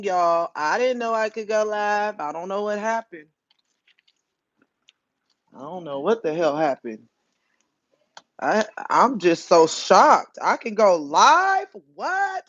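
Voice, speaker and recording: A woman's voice: medium pitch, no room sound. A woman hosting a casual livestream, talking bluntly and emphatically, with frequent swearing. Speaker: livestream host. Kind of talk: casual live-stream chat. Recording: dull, dry lo-fi phone audio.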